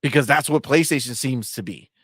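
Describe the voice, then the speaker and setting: A man co-hosting a gaming talk show, heckling and swearing in animated casual chat. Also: medium pitch, a little fast, slightly rough, dry recording, clean studio sound. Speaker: podcast co-host.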